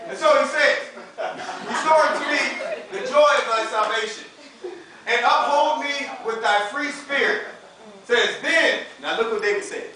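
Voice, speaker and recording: A young man preaching an informal sermon to students, chatty and laughing often, dropping into a lower voice to act out what people say. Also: measured pace, pushed and bright. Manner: conversational, laughing often, acts out quotes in a lower voice. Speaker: campus minister preaching. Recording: roomy echo, recorded from a distance, faint background noise.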